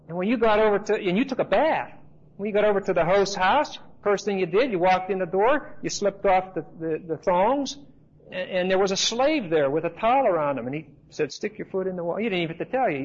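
Emphatic high-voiced male Bible teacher. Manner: emphatic, repetitive, conversational. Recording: dull lo-fi recording.

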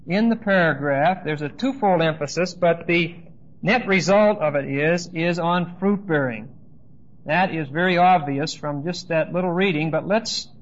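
A man's voice: fairly high pitch, highs cut off. A man teaching a congregation through Bible verses in a conversational way, often checking in with "okay?" and making asides during a church service. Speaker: pastor.

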